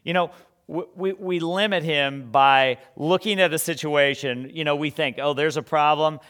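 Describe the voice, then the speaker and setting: A man's voice: a little high, moderate pace, a bit bright. A man preaching a sermon in a conversational way, full of rhetorical questions and stumbling restarts.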